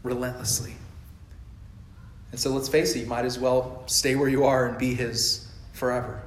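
A man preaching an emphatic sermon to his congregation, building to loud fervor. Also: mid-range voice, little pitch movement, moderate pace. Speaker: pastor. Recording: echoey church hall.

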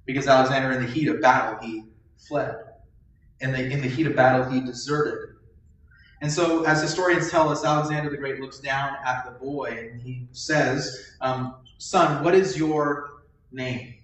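A man's voice: mid-range voice, fairly even intonation, a bit bright, far from the mic. Man preaching in a very echoey church. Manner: preaching with call-and-response questions, drawn-out emphasis. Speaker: pastor. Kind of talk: sermon. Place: church sanctuary during a service.

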